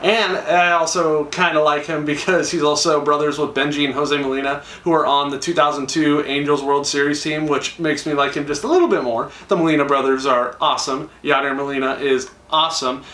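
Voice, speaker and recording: A man's voice: a little high, steady tone, fairly quick, few pauses, fairly bright tone, distant mic. A young man chatting enthusiastically to camera, acting out quoted lines. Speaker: YouTuber. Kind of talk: casual talk to camera. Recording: echoey room, a little off-mic.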